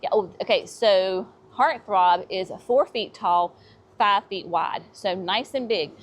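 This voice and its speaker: A woman's voice: mid-range voice, slow pace. A woman hosting a casual walk-through of plants at a garden center, chatty and enthusiastic. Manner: chatty and enthusiastic, says y'all often.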